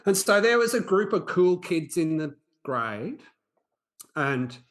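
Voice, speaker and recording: A man in his forties, a podcast host, telling a personal story in an earnest, halting way with frequent restarts. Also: sits high, very animated, a bit bright. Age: 40s.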